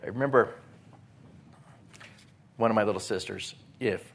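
His voice sits lowish with some vocal fry, at a moderate pace. As a pastor preaching, he tells lively stories and dramatizes his own panic.

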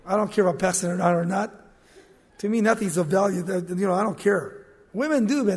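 A man's voice: sits high, brisk, in a large hall, a little hiss or hum. A middle-aged man, a pastor, preaching a sermon, asking rhetorical questions and joking with the congregation.

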